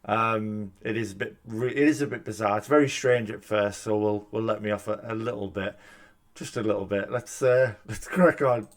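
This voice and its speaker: A man's voice: lowish voice, steady tone, moderate pace. Chatty self-mocking man. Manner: chatty, self-deprecating, many restarts. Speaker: gaming YouTuber. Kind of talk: casual reaction vlog. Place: room at home by a window. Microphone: desk microphone.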